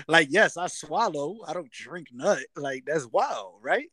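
A man's voice: on the high side, lively intonation, normal speed, bright, forceful tone, no room sound. Slangy laid-back man podcasting. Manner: laid-back slangy storytelling with acted quotes. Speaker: podcast co-host. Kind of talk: casual chat. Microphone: remote recording setup. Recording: dry remote recording.

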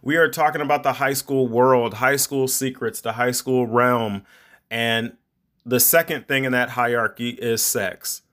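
Middle-aged male podcast host, mid-pitched, loose and rambling, lectures parents like a preacher. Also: steady tone, a little slow, fairly bright tone. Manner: rambling, conversational, preachy advice. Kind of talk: casual monologue podcast.

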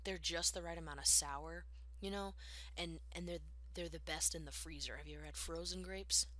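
Low-voiced teen girl, bright and slangy. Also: fairly even intonation, brisk. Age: teens. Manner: slangy, rambling, chatty. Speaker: podcast host. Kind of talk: casual chat.

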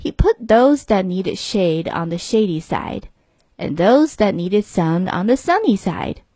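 A woman teacher reading a bilingual picture book aloud slowly, clear, measured and expressive for young learners. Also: medium pitch, no echo, studio quality. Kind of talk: slow storybook read-aloud.

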